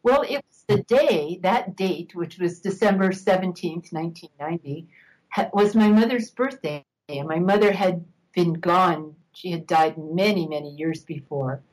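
A woman's voice: fairly low pitch, darkish tone, rough recording. Older woman telling a reflective story. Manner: reflective, unhurried, laughs while telling stories. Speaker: interview guest. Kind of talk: storytelling in an interview.

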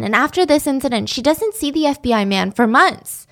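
A woman telling a story in a chatty, animated way with dramatic asides. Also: sits high, a little fast. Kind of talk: casual storytelling.

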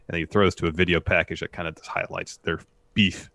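A man's voice: sits low, level tone, a little fast, creaky, bright, forceful tone, no room sound. A man co-hosting a podcast, recapping wrestling in a laid-back way with dry humor. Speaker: podcast co-host. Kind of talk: casual wrestling recap chat.

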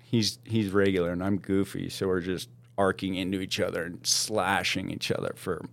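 A man's voice: sits low, moderate pace, creaky, no room sound. Laid-back man telling a wild story. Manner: animated, laughs often, slangy, calls people "dude". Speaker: podcast guest. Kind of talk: casual storytelling.

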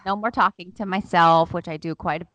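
A woman's voice: lowish voice, fairly even intonation, brisk, fairly bright tone, no room sound. A young woman co-hosting a podcast, telling candid, self-mocking stories and laughing often, sounding worn out. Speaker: podcast co-host. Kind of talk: casual chat.

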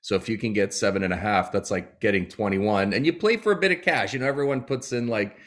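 A man with a slightly low voice chatting casually as a comedian guest. He tells his stories in an animated way and laughs often. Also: fast talker. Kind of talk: casual chat.

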